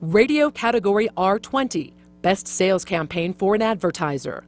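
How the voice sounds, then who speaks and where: A woman's voice: mid-range voice, normal speed, faint music behind. A woman presenting awards, formally reading out categories and winners. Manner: even, formal announcing.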